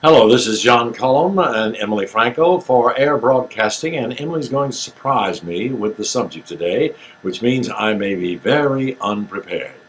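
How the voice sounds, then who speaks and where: An older man with a Southern American accent, an actor and co-host chatting in a relaxed, self-deprecating way. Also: medium pitch, moderate pace, few pauses, rough recording. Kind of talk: casual chat.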